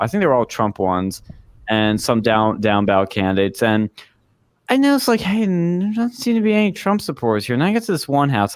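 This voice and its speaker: A man's voice: medium pitch, smooth, no room sound. A young man hosting a podcast, telling a casual, rambling story with swearing and acted-out quotes. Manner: rambling, profane, acts out quoted speech. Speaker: podcast host.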